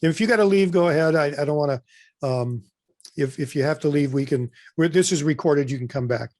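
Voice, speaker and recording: A man's voice: on the high side, brisk, darkish tone, no echo, clean studio sound. A man presenting an informal webinar training, talking loosely with many fillers and restarts.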